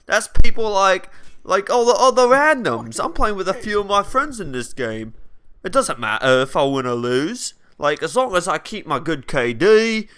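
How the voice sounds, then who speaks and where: A man's voice: sits high, big pitch swings, moderate pace, sharp tone, clean tone. A young man giving casual, brash and crude game commentary, ranting and mocking other players. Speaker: gameplay commentator.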